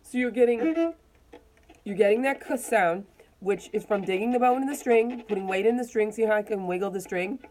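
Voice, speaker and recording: A woman teaching a violin lesson, calmly explaining bowing technique step by step while demonstrating. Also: medium pitch, normal speed, faint music behind. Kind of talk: casual instructional explanation.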